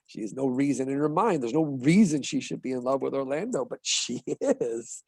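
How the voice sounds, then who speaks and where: A man giving a book-talk lecture on a play, explaining with animated emphasis and tapping out rhythms aloud. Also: medium pitch, moderate pace, few pauses, slightly rough, no echo. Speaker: literature lecturer.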